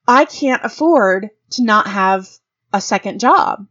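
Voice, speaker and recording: A woman's voice: mid-range voice, brisk, lo-fi sound. Frank, profane woman podcast host. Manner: frank, profane, animated storytelling with big voice swings for quoted reactions. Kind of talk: casual monologue podcast.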